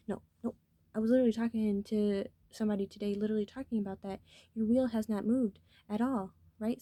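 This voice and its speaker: A woman's voice: mid-range voice, fairly even intonation, quick pace, dark tone, no room sound. A woman talking casually to her viewers in a rambling, earnest way, cursing freely as she shares spiritual thoughts. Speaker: vlogger.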